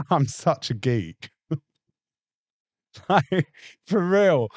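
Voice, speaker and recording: Animated, sweary streamer. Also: male voice, on the high side, drawn-out words, no echo. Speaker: livestream host reacting to clips. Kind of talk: casual chat.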